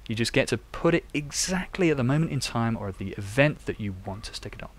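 A young man live-codes on stream, chatting and thinking out loud as he works through a coding tutorial. His voice sits at a medium pitch, and he talks quickly and with a lot of animation.

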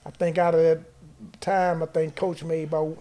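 A man telling a long story in casual chat, animated and profane, acting out what other people said. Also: fairly high pitch, normal speed, slight background noise. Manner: animated, profane storytelling, acts out quoted dialogue. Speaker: guest storyteller.

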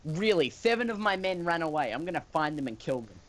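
A man playing a game on a livestream, joking and getting excitable as he chats. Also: fairly high pitch, quick pace, noisy background. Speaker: player on a gameplay stream. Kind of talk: casual chat on a livestream.

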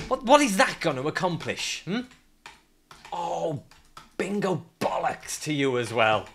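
A man's voice: a little high, sing-song, a little slow, gravelly, a bit bright, slight background noise. A man streaming a climbing game, ranting, swearing and laughing at his climber as he plays. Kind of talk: live gameplay commentary.

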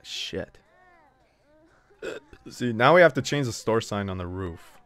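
A man's voice: on the low side, lively intonation, measured pace, a bit bright, no room sound. A man live-streaming a video game, chatting casually and trash-talking his chat with lots of swearing.

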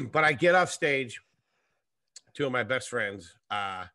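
A man with a bright, forceful voice tells a story in a loose, profane ramble, like a stand-up comedian on a podcast. His delivery is animated, and the sound is dry and close, with no room around it. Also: mid-range voice, slow pace, creaky, no echo. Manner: profane, animated, acts out scenes. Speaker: comedian guest. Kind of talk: casual storytelling.

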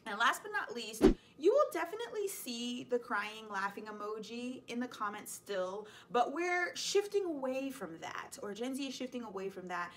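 A woman in her thirties, a high school teacher hosting a casual explainer vlog, chatty and playful, laughing often. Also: very animated, normal speed, background noise.

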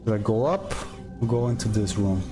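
A man's voice: fairly low pitch, brisk, over music. Jumpy man streaming a horror game. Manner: jumpy, nervous, talks to game creatures. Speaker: gameplay streamer. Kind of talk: let's play commentary.

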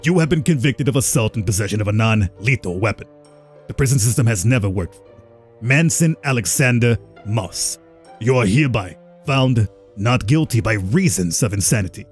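A man voicing a formal judge, measured and stern, game reading. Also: lowish voice, animated, faint music behind, lightly acted.

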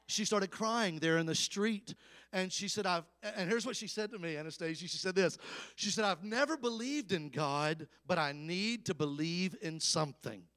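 A man's voice: high-pitched, normal speed, a bit bright. A man in his fifties with a Southern Alabama accent, preaching a storytelling sermon with emphatic, folksy calls to the congregation. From Alabama, USA. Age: 50s. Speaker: evangelist preacher.

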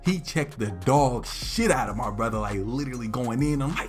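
A young man casually telling a funny story to his viewers, slangy and animated, acting out relatives in loud, high voices. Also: fairly quick, hardly any pauses, soft background music. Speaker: vlog host telling a story.

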